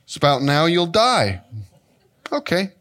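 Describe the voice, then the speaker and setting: Animated English man preaching, higher voice. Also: measured pace. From England. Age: 50s. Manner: animated, playful, with shifting pitch and pace. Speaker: guest speaker and Bible teacher. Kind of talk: sermon.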